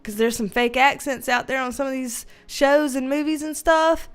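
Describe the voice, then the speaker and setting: A livestream host with a high, clear and resonant voice talks at normal speed from home, reading viewer comments with frequent laughter and a playful, animated manner. Faint music plays behind her.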